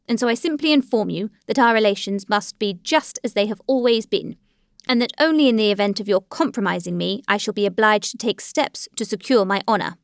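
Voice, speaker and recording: A woman voicing a cold, sarcastic middle-aged husband with a thin, shrill voice and a stiff, contemptuous manner, in a dry, close recording. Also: no echo, close to an everyday voice.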